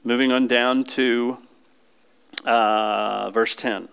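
A man preaching to a congregation in an easy, conversational way. His voice sits at an ordinary middle pitch, and he keeps checking in with his listeners through quick questions. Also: fairly even intonation, vocal fry, a bit bright, clean tone. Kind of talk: sermon.

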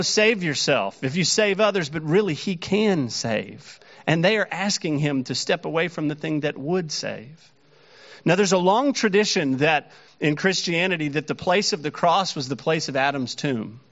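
A man's voice: on the high side, fairly bright tone, highs cut off. A man preaching a sermon earnestly, his voice rising when he quotes the mockers. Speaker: pastor.

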